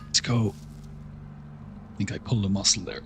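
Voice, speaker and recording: A man's voice: lowish voice, fairly even intonation, moderate pace, gravelly, noisy background. A man from Ireland with a mild Irish accent, chatting casually with viewers while streaming a game. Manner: laid-back, chatty, thanks viewers. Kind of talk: casual livestream chat while gaming.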